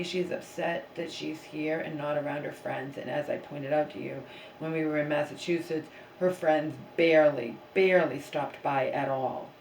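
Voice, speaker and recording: Woman vlogger, lowish voice, rambling rant full of "okay?" asides, echoey bedroom with faint background ambience. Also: creaky, a little mellow, a little hiss or hum. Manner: ranting, frequent "okay?" asides. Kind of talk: casual rambling monologue. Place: bedroom, seated on the floor.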